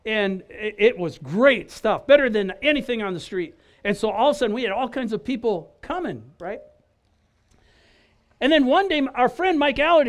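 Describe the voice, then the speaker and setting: A middle-aged man tells his personal testimony at an outdoor church gathering in a high-set, expressive voice. His delivery is loose and conversational, and he acts out the people in his stories. He keeps checking in with the crowd as he goes. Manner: animated, conversational, acts out quotes, frequent "right?". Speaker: guest speaker giving testimony. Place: outdoor church service in a park.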